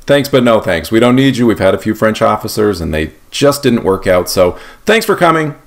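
A man's voice: on the low side, sing-song, a little fast. A man playing sly scheming congressmen. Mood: dismissive. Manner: wheedling, conspiratorial.

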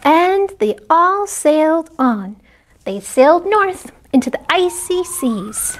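Slow, animated woman reading to kids. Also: sits high, a little hiss or hum. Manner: animated, talks to kids between pages. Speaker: children's librarian. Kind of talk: children's story time read-aloud. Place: public library.

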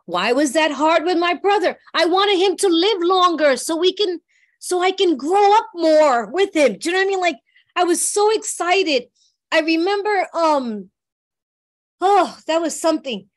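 A woman's voice: very high voice, expressive, moderate pace. A middle-aged woman from New York sharing a personal recovery story in a heartfelt, conversational way, often checking in with her listeners. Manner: heartfelt, conversational, often asks "you know what I mean". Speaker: workshop speaker.

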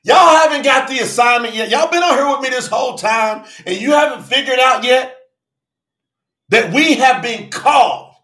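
A man preaching a fervent livestream sermon, often shouting and calling out viewers by name. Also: very high voice, moderate pace, echoey room. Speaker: preacher and channel host.

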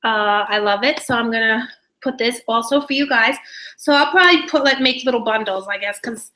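A young woman chats through a live giveaway stream, excitable and scattered, often laughing and breaking off mid-thought. Her voice sits a little high and has a bright, forceful edge. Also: a little fast, poor audio. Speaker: beauty vlogger hosting a live giveaway stream. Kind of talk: casual live-stream chat reading comments.

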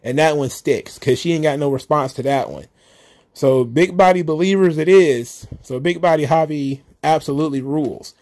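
A man's voice: fairly high pitch, moderate pace, darkish tone. A man hosting a solo recap show, ranting in an exasperated, profane, casual way. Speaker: wrestling commentary host.

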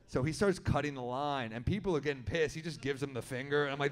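A man telling a story in stand-up comedy at an indoor venue, with a wry, deadpan delivery. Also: medium pitch, fast talker.

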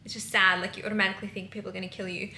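Brief: Australian woman vlogger, chatty and candid, sharp bright voice with a raspy edge. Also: mid-range voice, flat delivery, racing, echoey room, slight background noise, poor audio. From Melbourne, Australia. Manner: chatty, candid, swears casually. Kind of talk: casual travel vlog chat. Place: hotel room and streets outdoors.

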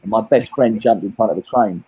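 A man's voice: lowish voice, a little fast, slightly rough, highs cut off. A Cockney man in his late fifties, a guest telling his own life story in a rambling way, often repeating and restarting his words. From England. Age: 50s. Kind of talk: candid personal storytelling.

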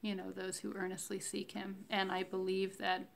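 A woman talking slowly and reflectively in a casual faith diary, with many fillers and pauses. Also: mid-range voice, monotone, creaky, slight background noise. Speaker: vlogger sharing a fasting diary.

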